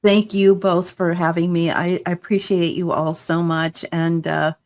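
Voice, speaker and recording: A woman's voice: lowish voice, little pitch movement, unhurried, darkish tone. A woman guest in a casual interview, talking earnestly and enthusiastically with many fillers. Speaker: guest, hypnotherapist.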